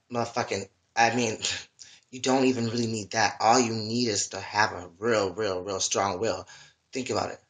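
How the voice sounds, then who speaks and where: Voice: sits low, fairly bright tone. A livestreamer in a casual, rambling monologue, emotional and full of swearing. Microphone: webcam or phone mic.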